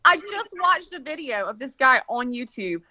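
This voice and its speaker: A woman's voice: high voice, very animated, moderate pace, sharp tone, no echo, dull audio. A woman telling stories in casual chat, rambling with lots of restarts. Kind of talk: casual storytelling.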